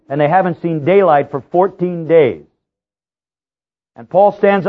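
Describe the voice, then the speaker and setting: A man preaching a sermon as pastor. He tells stories with sudden rises in pitch and repeats key phrases for emphasis. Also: unhurried, long pauses. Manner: storytelling with lively rises in pitch. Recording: tinny, phone-like sound.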